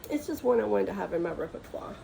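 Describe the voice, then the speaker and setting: Woman vlogger showing off sewing patterns, kinda gravelly, mellow tone, chatty with lots of ums, faint noise behind. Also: medium pitch, lively intonation, fast talker, poor audio. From Texas. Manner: chatty, enthusiastic, many ums and trailing restarts. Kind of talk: casual show-and-tell chat.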